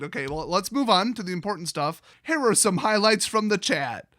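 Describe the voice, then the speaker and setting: An American man ranting sarcastically as host of a commentary video, mocking and animated. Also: high voice, quick pace, hardly any pauses, no room sound, studio quality. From United States.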